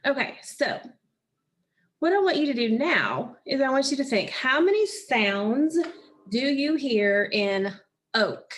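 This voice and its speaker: A woman teaching a phonics lesson, slowly and patiently sounding out words and syllables for children. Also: high voice, sing-song.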